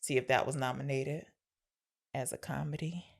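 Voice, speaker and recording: A woman's voice: very deep voice, steady tone, moderate pace, creaky. A woman co-hosting a podcast, chatting casually about an old film, explaining the segments and arguing playfully. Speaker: podcast co-host. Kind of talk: casual film-review chat.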